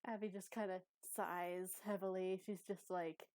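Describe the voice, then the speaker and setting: A woman playing a tabletop role-playing game, narrating her character's actions and voicing her lines in bursts, halting and laughing often. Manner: giggly, halting, speaks her character's lines in a high excited voice. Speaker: player.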